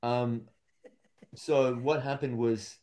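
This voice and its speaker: A young man chats in a relaxed podcast conversation. He spins long, rambling stories about his comedy shows and puts on quick voices for the people in them. His pitch sits at an ordinary middle level for a man. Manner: rambling storyteller, acts out quotes. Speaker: stand-up comedian. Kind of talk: casual podcast chat.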